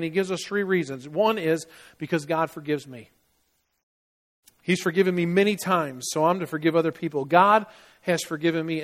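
Guy preaching a sermon, chatty, keeps asking the crowd questions, pretty high voice for a man. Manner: conversational, asks rhetorical questions. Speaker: pastor.

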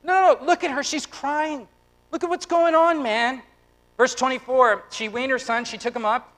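A man in his thirties preaching a lively, conversational sermon, acting out quotes and turning quiet and tender at personal moments. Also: very high voice, moderate pace, rough recording. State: close to tears. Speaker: pastor.

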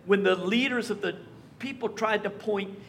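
A man preaching a verse-by-verse sermon, conversational and lively with wry asides. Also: high-pitched, normal speed, a little hiss or hum. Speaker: pastor. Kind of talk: expository sermon.

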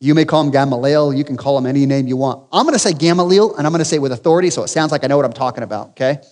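A man's voice: medium pitch, steady tone, very fast, big-room sound. A man preaching a sermon as pastor, emphatic with rhetorical questions and humorous asides. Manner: emphatic, rising to loud peaks with rhetorical questions.

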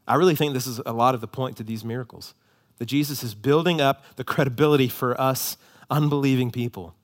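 A male pastor preaching with a fairly high-pitched voice. He moves between loud, urgent emphasis and soft, intimate, almost whispered appeals to the listener. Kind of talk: sermon.

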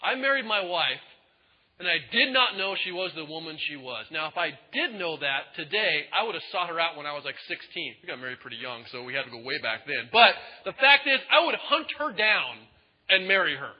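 A male pastor preaching a sermon in an animated way, acting out quotes in different voices. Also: fairly high pitch, fairly quick. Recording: echoey hall, dull lo-fi sound.

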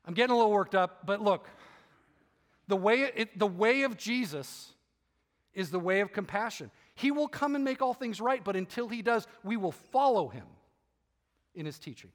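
A man's voice: high-pitched, animated, normal speed, in a large hall. A male pastor preaching with passion, repeating key phrases for emphasis. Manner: impassioned, emphatic preaching with repetitions. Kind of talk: sermon.

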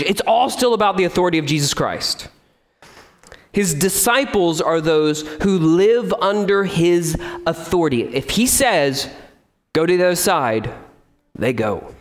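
A man preaching a sermon as pastor, animated and acting out the voices of complaining people. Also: high voice.

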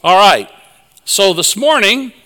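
Folksy male preacher, high bright voice, warm anecdotes, hall echo. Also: lively intonation, slow. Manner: folksy, chuckling storyteller. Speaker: conference speaker. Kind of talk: sermon with personal anecdotes.

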